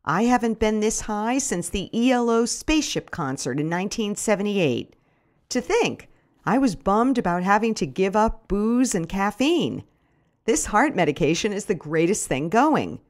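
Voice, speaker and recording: A middle-aged woman reading her first-person memoir in a wry, deadpan storytelling manner. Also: medium pitch, normal speed. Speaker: narrator.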